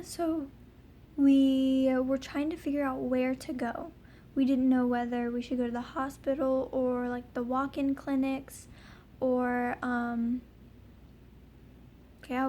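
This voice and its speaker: A woman's voice: sits high, flat delivery, a little slow, long pauses, mellow, a little hiss or hum. A young woman telling a personal story in a casual vlog, rambling with lots of ums and likes. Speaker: vlogger.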